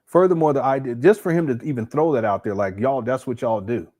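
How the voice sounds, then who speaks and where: A man's voice: medium pitch, quick pace, darkish tone. A man hosting a casual video commentary, exasperated and incredulous, swearing casually. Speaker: commentary channel host.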